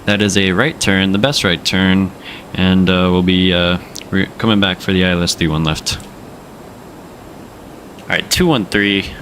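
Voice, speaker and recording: A man's voice: sits low, steady tone, measured pace, pauses often, fairly bright tone, a little hiss or hum. A young man streaming a flight sim, chatting casually in slang and joking with viewers. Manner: slangy, joking, drops into put-on accents. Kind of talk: casual livestream chat.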